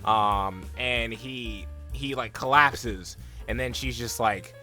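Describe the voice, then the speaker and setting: A man's voice: medium pitch, pushed and bright, soft background music. A young man recapping an anime episode in a loose, rambling way, full of "like" and "um", now and then acting out characters' lines. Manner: rambling, filler-heavy retelling, full of "like" and "um"; acts out characters' lines in quick put-on voices. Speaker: anime reaction vlogger. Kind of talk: casual episode recap and reaction.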